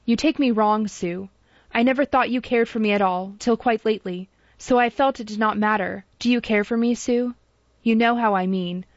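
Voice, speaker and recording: A woman's voice: a little high, normal speed, no room sound, close to an everyday voice. An earnest young man pleads and apologizes, his lines read in a storybook audiobook by a woman narrator. The recording is dull and lo-fi, with a dry, close sound and no room around it. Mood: pleading. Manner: imploring, apologetic. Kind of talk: audiobook character reading.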